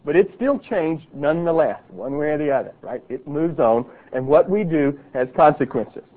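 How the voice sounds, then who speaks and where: A middle-aged man teaching a Bible class, earnest, reading lists slowly and deliberately. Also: on the high side, animated. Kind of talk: classroom lecture. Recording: tinny lo-fi, phone-like sound.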